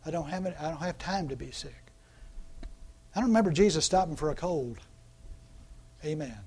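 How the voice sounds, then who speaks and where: A man's voice: a little high, fairly quick, mellow, breathy edge. A man preaching a sermon in a loose, conversational way, asking the congregation questions and acting out quoted voices. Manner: conversational preaching with rhetorical questions and call-outs; acts out quoted voices mockingly. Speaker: pastor.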